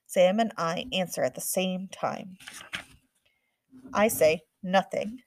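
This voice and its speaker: A woman narrating a first-person audiobook in a quick, earnest storytelling manner. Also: on the low side, no room sound.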